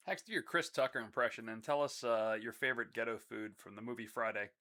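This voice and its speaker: Casual male prompter, mid pitch, relaxed requests. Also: fast talker. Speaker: stream viewer giving prompts. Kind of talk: casual chat.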